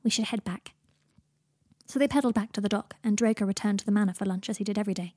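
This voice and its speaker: A woman reads a story aloud, keeping a steady storytelling pace. Her voice is husky and breathy, and the recording sounds dry and close. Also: medium pitch, racing, dry recording. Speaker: narrator. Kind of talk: audiobook reading of fan fiction.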